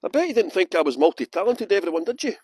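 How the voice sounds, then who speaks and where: A man's voice: high voice, very animated, very fast, darkish tone, slight background noise. Chatty man guiding a live tour. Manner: chatty, jokey, greets viewers by name. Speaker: tour guide. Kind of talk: live-streamed walking tour. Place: outdoors at a historic cottage.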